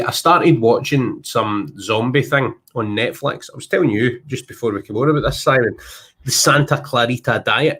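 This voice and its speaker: A Scottish man in his thirties hosting a casual podcast chat, animated and self-deprecating as he tells stories. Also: medium pitch, slightly rough. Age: 30s. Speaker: podcast host.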